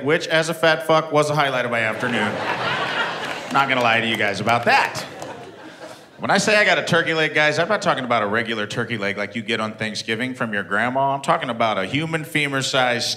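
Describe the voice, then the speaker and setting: Profane, animated man in his thirties. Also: medium pitch, a little fast. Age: 30s. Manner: profane, animated, plain-spoken. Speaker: stand-up comedian. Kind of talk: stand-up comedy storytelling.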